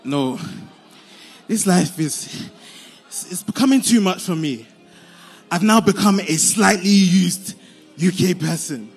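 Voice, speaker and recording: An actor playing an overworked, self-pitying husband in a church stage drama. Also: male voice, very high voice, lively intonation, normal speed, a bit bright, faint music behind, heavily acted. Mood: lamenting. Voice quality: pleading, whiny.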